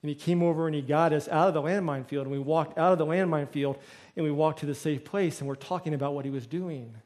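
A middle-aged man, a pastor, preaching a sermon with lively storytelling and acted-out quotes. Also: a little high, quick pace. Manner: storytelling, acts out quoted voices.

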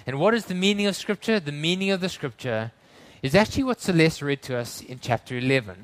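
A man preaching a sermon in church, earnest, building to emphatic lines and then dropping to hushed tones. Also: fairly high pitch.

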